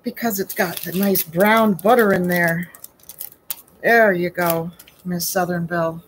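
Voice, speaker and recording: A woman's voice: lowish voice, fairly even intonation, measured pace, noisy background. A woman hosting a chatty baking demo from her home kitchen, asking rhetorical questions and calling her viewers sweetie and honey. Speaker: home baker and host.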